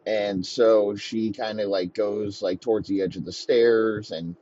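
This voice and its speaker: A man telling a crude, rambling comedic story in a profane, deadpan way. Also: lowish voice, a little slow. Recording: dull lo-fi recording.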